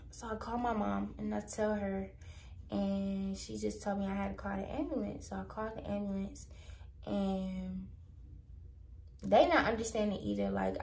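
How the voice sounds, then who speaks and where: A young woman tells a storytime vlog in an animated rush, full of "like" and "I'm like." Her voice sits at a middle pitch. The room around her is echoey. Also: creaky, recorded from a distance. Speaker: vlogger.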